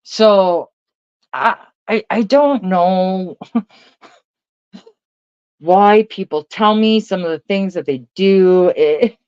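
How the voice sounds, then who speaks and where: A woman's voice: mid-range voice, drawn-out words, long pauses, darkish tone, clear, resonant tone, no room sound, muffled recording. A middle-aged woman, ranting casually and profanely to her viewers, laughing often between lines. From Canada. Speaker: vlogger.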